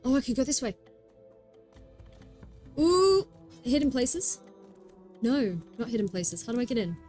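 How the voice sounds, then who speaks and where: A giggly British woman hosts a live game stream, chatting freely and reacting aloud to what happens on screen. Her voice sits a touch high, and faint music plays behind her. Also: very animated, measured pace, darkish tone. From Britain. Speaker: streamer host. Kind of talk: casual gameplay chat.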